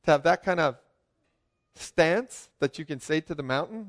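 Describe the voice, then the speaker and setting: A man preaching a lively sermon, joking with his congregation and asking them questions. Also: fairly high pitch, moderate pace. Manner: joking, asks the crowd questions, swings from loud calls to quiet asides.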